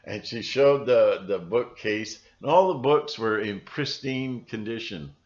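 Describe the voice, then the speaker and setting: Low-voiced man rambling on a dull recording. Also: a little slow, darkish tone. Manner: rambling, breaks into mimicking voices. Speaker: video channel host. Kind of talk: casual monologue to camera.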